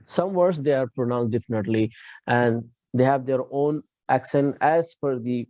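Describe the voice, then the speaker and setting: A man's voice: medium pitch, darkish tone, no echo, muffled recording. Indian English man teaching a class. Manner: explains slowly with frequent restarts, checks understanding with students. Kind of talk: live online class lecture.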